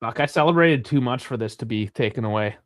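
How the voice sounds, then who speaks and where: A young man hosting a live football watch-along, chatty and rambling, swearing freely and bursting into shouts at big chances. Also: mid-range voice, fast, no echo, studio quality. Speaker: live stream host.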